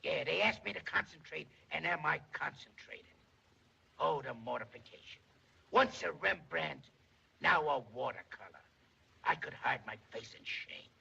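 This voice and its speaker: A shrunken boastful little man, gravelly and bright, dull old 1930s movie sound. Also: on the high side, lively intonation, a little slow, heavily acted. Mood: self-pitying. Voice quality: gravelly, raspy. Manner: theatrical, full of grand words and wordplay. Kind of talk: 1930s film comedy acting.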